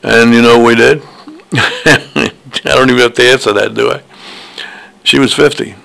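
Heard on a low-quality recording, an older man who writes books meanders through personal stories, hesitating, restarting, and using lots of fillers. His voice is mid-range, creaky, and fairly bright, with fairly even intonation at a normal speed.

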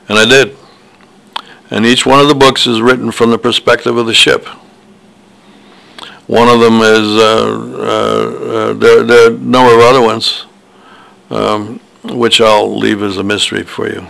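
A man's voice: on the low side, flat delivery, measured pace, vocal fry, long pauses, a bit bright, rough recording. An older man, an author, telling personal stories in a meandering, hesitant monologue full of fillers and restarts. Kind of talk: rambling personal storytelling monologue.

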